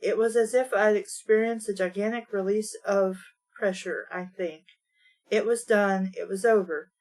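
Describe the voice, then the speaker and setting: A woman reading aloud, voicing a heroine who speaks quietly of finding her strength again. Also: medium pitch, steady tone, moderate pace, lightly acted. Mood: reflective. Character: proud female heroine recovering her strength.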